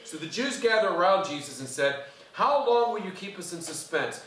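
A man's voice: sits high, animated, moderate pace, fairly bright tone, a little hiss or hum. A man preaching a conversational sermon in a church, quizzing the congregation as he goes. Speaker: pastor. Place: church sanctuary. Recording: echoey church from far off.

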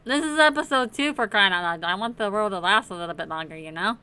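A woman's voice: medium pitch, expressive, fast talker, bright, forceful tone, clean tone. A woman host casually commenting on her Minecraft play, chatty and playful, talking to the game's characters. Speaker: gaming channel host.

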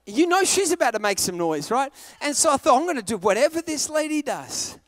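An Australian man preaching a sermon, telling a self-mocking story with animated delivery and sudden shouted bits. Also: very high-pitched, brisk, no echo.

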